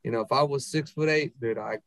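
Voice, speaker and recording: A man's voice: medium pitch, fairly quick, fairly bright tone. A man in his forties from the United States, a podcast guest in casual chat, easygoing and enthusiastic. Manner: easygoing and enthusiastic, calls people dude and bro.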